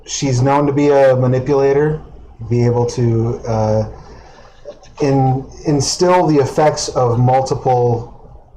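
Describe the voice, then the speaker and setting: A man playing in a tabletop role-playing game, talking in a laid-back, halting way with easy chuckles. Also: mid-range voice, mellow, poor audio. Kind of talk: casual in-character game talk.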